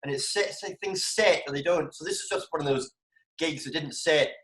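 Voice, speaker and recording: Scottish comedian guest, animated storyteller, fairly high voice, roomy echo on a video call. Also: male voice, normal speed. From Scotland. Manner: animated, bursts into high exclamations. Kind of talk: casual video call chat.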